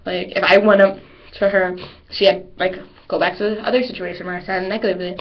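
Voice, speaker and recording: A woman's voice: lowish voice, level tone, quick pace. A teenage girl who is a cheerleader, talking casually to her webcam in a rambling way, repeating herself and acting out what other people say. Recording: dull lo-fi webcam audio.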